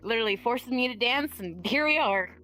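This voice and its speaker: A woman's voice: fairly high pitch, lively intonation, a little fast, sharp tone, soft background music. A young adult woman, a guest dancer, chatting candidly in an interview, laughing often and swearing casually.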